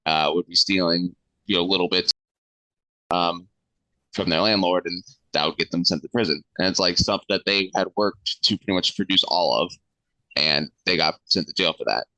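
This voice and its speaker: A man's voice: sits low, fairly even intonation, normal speed, pushed and bright, dry recording, rough recording. A male podcast guest explaining history in a hesitant way, with many fillers. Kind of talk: casual podcast chat.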